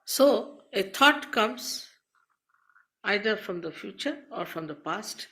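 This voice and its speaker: A woman spiritual teacher giving a slow, measured talk to an audience, speaking into a mic in a hall. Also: medium pitch, animated, bright, forceful tone.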